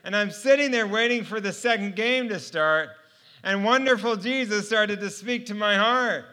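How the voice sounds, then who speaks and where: A man's voice: high-pitched, normal speed, bright, forceful tone. A middle-aged man sharing a personal faith testimony, storytelling earnestly and laughing often. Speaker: speaker sharing his testimony.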